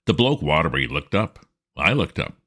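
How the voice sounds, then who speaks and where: A man narrating a classic comic novel in a dry, expressive reading style. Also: a bass voice, moderate pace. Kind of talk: audiobook reading.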